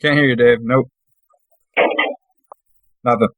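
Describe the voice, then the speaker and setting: A man's voice: medium pitch, steady tone, takes it slowly, fairly bright tone, no room sound. A man playing a tabletop game over a video call, teasing the others and swearing often. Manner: teasing, laughing, lots of swearing. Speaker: player.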